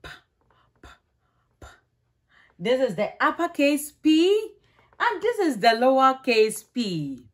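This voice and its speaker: Woman, preschool teacher: slow, exaggerated sing-song delivery, high and lively, coaxing kids to repeat. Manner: coaxing, asks children to repeat. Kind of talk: circle-time lesson for young children.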